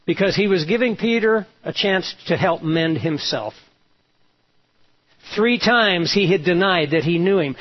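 A man's voice: sits high, unhurried. A male pastor preaching a sermon, retelling a story and voicing the quoted lines with emphasis. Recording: dull lo-fi sound.

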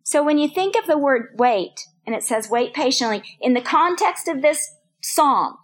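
A woman's voice: high voice, animated, moderate pace. An older woman teaching a women's Bible study, earnest and personal, repeating phrases for emphasis. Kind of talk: sermon.

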